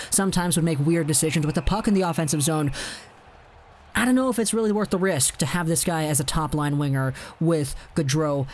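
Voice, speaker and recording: Chatty young man talking hockey. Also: high voice. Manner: chatty, opinionated, a bit sarcastic. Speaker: hockey video host. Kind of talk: solo commentary video.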